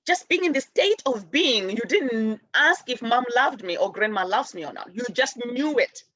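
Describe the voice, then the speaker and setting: Woman, high lively voice, husky, storytelling host, dull lo-fi sound. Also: normal speed, no echo. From raised in a village outside America. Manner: animated storytelling, acts out relatives' voices. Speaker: show host. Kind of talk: spiritual talk show monologue.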